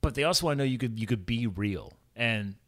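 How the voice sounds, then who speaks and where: A man's voice: mid-range voice, expressive, brisk, a bit bright. A young man talking candidly as a podcast guest, rambling and often saying "man". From farm upbringing, rural. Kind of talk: casual conversation.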